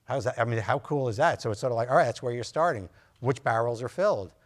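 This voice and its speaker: A man's voice: medium pitch, fast talker. Chatty man giving a loose medical lecture. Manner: loose and anecdotal, full of fillers, acts out patient dialogue. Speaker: physician lecturer. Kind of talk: conversational lecture to nurse practitioners.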